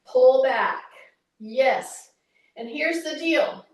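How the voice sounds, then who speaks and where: High-voiced woman coaching a slow workout. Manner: chatty, coaching, teasing. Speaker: fitness instructor. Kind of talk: workout instruction. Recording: echoey room, voice from a distance.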